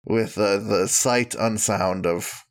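Animated jokey male podcast host. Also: slow pace. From Wisconsin. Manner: animated, jokey storytelling with bursts of high-pitched bits. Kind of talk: casual comedic podcast chat.

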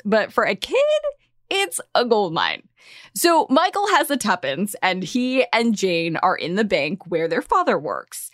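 Woman host, breezy and chatty, scripted podcast read, lively pitch, dry studio sound. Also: dry recording. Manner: breezy, conversational, with casual swearing.

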